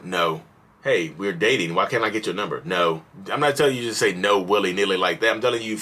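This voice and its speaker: A man with a low, husky voice that still has a bright, forceful edge talks straight to his viewers. He preaches in a repetitive, animated way, hammering home his points like a pep talk. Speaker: mental health vlogger. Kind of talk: casual direct-to-camera advice talk.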